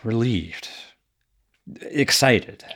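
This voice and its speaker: An actor playing a brooding adult son who coldly recounts his killings in a flat tone, flaring into anger. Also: medium pitch, drawn-out words, exaggerated voice. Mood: coldly calm. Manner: flat, cold storytelling with bursts of anger. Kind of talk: audio drama acting.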